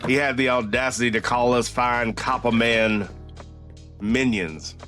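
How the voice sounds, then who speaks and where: A man voicing a proud, mock-offended little copper worker robot in a video game stream, talking slowly. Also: medium pitch, a bit bright, soft background music, close to an everyday voice.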